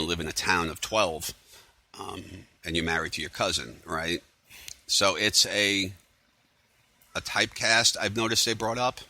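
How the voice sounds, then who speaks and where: Man, low pitch, bright forceful tone, casual rambling, sarcastic. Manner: rambling, sarcastic, many fillers. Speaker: TV recap vlogger. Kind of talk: casual spoiler recap.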